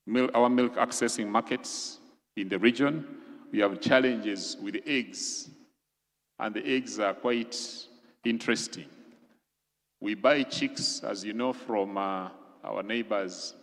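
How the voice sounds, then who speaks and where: A man from Uganda, a government official giving a formal, measured briefing to legislators and listing items one by one. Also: fairly low pitch. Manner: measured, explanatory, lists items deliberately. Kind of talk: formal presentation. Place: large conference hall. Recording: long reverb of a large hall.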